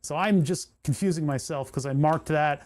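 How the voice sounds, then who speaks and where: The voice is a little high and darkish, delivered at a moderate pace. During a casual livestream, this electronics-kit builder solders while explaining each step, muttering with frustration whenever he has to search for parts.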